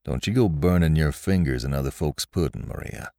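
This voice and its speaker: A man voicing a stolid farmer husband who speaks with gruff scorn. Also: rumbling low, animated, a little fast, warm tone, no echo, studio quality, full character voice. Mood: scornful.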